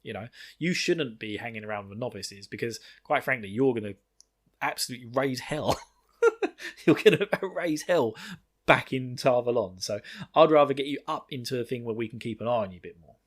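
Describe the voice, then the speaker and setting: A man's voice: mid-range voice, animated. Rambling, laughing man recapping a book. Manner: rambling, laughing, swearing, quick acted quotes. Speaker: podcast host. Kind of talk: casual chat recapping a book.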